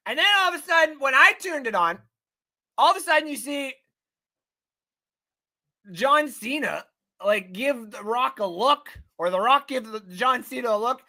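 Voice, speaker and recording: Animated, profane male sports streamer. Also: very high-pitched, measured pace, pauses often. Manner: profane, excitable, rambling; reads out and thanks chat viewers. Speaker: sports show host. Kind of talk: casual live-stream sports talk.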